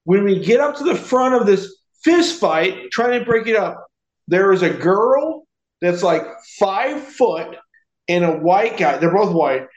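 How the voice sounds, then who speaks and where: Man, high voice, profane animated storyteller, casual podcast, echoey room. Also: measured pace, lo-fi sound.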